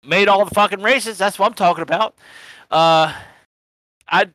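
Bright-voiced, profane guy rambling. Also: high-pitched, moderate pace, no echo. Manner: rambling, profane, laughs at himself. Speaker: sim racing league organizer and podcast host. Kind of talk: casual profane recap chat.

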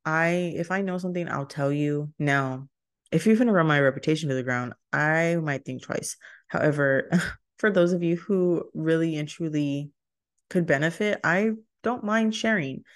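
A woman's voice: low voice, normal speed. A young woman from Texas, hosting her solo podcast in a rambling, chatty way, often laughing and breaking off mid-sentence. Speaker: podcast host. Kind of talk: casual solo podcast chat.

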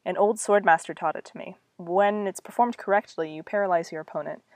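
A woman's voice: fairly low pitch, fairly quick, darkish tone, no echo, lightly acted. A woman voicing a nervous, secretive young male swordsman in a storybook reading, hesitant and evasive. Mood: proud.

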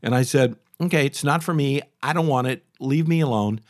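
A man in his sixties hosting a talk show, telling a story in a chatty, animated way full of restarts and asides. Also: medium pitch, a little fast, dry recording, studio quality. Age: 60s. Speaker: radio talk show host. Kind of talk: casual storytelling monologue.

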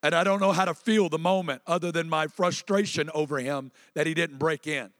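High-pitched guy preaching in a church, chatty, keeps getting the crowd to repeat stuff, long reverb in the hall. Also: steady tone, fairly quick, a bit bright. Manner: conversational preaching that prompts the congregation to respond. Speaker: pastor. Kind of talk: sermon.

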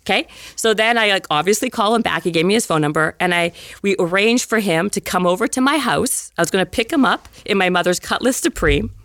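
Animated woman storyteller, dry close sound. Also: brisk, hardly any pauses, no room sound. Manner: lively storyteller, heavy use of "like"; acts out the people in her story in higher voices. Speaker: guest. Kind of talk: animated anecdote in podcast interview.

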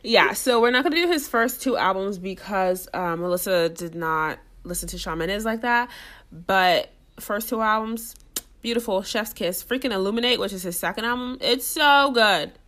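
A woman's voice: medium pitch, moderate pace, a bit bright. Gushing young woman chatting casually. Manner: gushing, laughs often, lots of "like". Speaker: co-host ranking albums. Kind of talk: casual chat.

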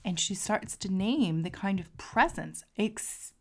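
A woman hosting a podcast as a coach, talking to listeners in an earnest, heartfelt way and sometimes dropping to a soft near-whisper. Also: mid-range voice, expressive, measured pace. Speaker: podcast host and marketing coach. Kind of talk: casual podcast monologue.

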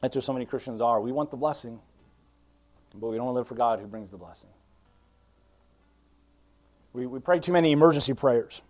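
A man's voice: medium pitch, fairly quick, pauses often. A man preaching a sermon as pastor, pleading and fervent, quoting scripture, with frequent restarts and fillers. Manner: pleading, swings from hushed to loud fervent preaching.

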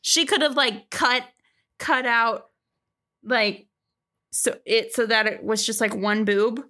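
A young woman in casual film chat, animated and often laughing as she acts out lines from the movie. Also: fairly high pitch, takes it slowly.

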